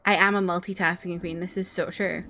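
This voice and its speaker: A woman's voice: lowish voice, level tone, brisk, pushed and bright. Chatty young woman streamer. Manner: bubbly, chatty, with likes and laughs. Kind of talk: casual chat.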